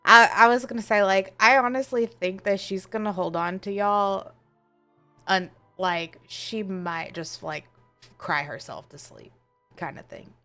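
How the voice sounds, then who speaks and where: Bright-toned woman playing a tabletop game. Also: mid-range voice, soft background music. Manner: emotional, quick, trailing off softly. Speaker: player. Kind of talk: casual tabletop play.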